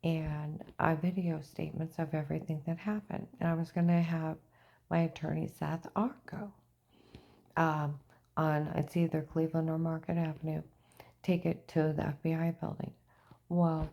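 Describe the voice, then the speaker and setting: Woman, low mellow voice, recounts her own story; keeps slipping into a hushed whisper. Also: fairly even intonation, moderate pace, creaky. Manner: often drops to a hushed whisper. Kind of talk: personal testimony monologue.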